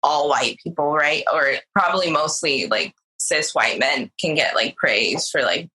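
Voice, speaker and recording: A woman's voice: deep voice, unhurried, pushed and bright, rough recording. A woman speaking earnestly as a podcast guest in a casual group discussion, reflecting on her own experience. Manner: earnest, frequent "like" fillers, reflective.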